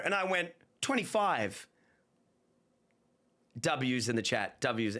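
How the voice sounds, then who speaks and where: A man's voice: a little high, slow, long pauses. A man, chatting casually and telling rambling stories on a livestream with lots of slang. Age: 30s. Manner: rambling, animated storytelling with playful slang. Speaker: streamer.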